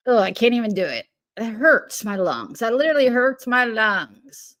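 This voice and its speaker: A woman's voice: fairly high pitch, sing-song, normal speed, fairly bright tone. A woman hosting a casual livestream, greeting viewers by name and giggling, then rambling with many fillers. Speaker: livestream host.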